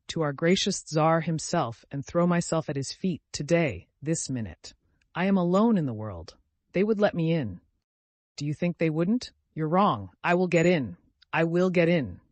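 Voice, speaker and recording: A man voicing a desperate, consumptive mother who pleads and accuses in shrill, hoarse outbursts. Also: dry recording. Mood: furious.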